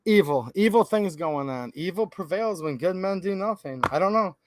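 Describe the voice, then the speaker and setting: Man, livestream host, ranting to chat, high voice, dry room. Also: expressive, normal speed, dry recording. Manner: ranting, reads out viewer names.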